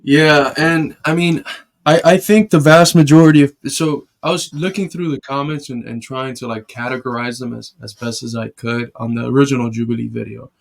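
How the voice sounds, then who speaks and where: A man's voice: medium pitch, fairly even intonation, normal speed, creaky. A man co-hosting a reaction show, talking in an agreeable, musing way. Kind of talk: casual reaction commentary.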